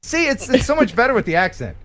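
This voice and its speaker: Lively American man hosting a quiz. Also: very high voice, fast. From United States. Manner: lively, laughing quizmaster. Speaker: host. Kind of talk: live-stream quiz chat.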